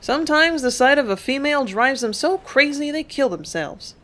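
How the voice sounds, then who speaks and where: A woman voicing a rough, worldly male ship's mate who talks in a slow, knowing drawl in an audiobook. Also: high voice, animated, fairly bright tone, pitched above the performer's own voice.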